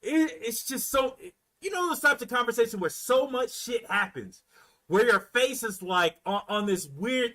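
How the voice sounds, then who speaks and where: A man from Florida telling a story in a casual, animated rant, full of profanity and repeated words. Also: very high-pitched, moderate pace. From Florida, US South. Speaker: commentator.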